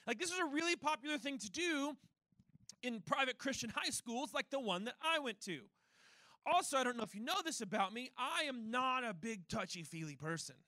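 A man's voice: very high voice, animated, brisk, sharp tone, dry recording. A young man preaching a sermon as pastor, in a conversational, self-deprecating storytelling manner.

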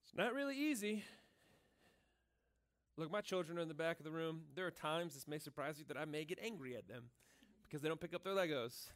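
A pastor preaching in a church, talking in a casual, earnest way, full of "like" and "right?". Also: male voice, a little high, lively intonation, fairly quick, long pauses, fairly bright tone. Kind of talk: conversational sermon.

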